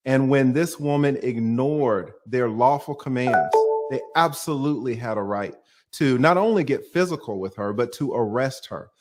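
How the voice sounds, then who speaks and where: A middle-aged man, an attorney hosting a livestream, talking bluntly and emphatically, swearing freely and pushing his voice toward a shout when challenged. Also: mid-range voice. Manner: raises voice to near-shouting when provoked. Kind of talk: heated livestream talk.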